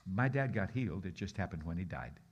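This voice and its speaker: Animated storytelling preacher, man. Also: low-pitched, brisk, breathy edge. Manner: animated, acts out voices, leads the crowd in repeating lines. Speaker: guest pastor. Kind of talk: storytelling sermon.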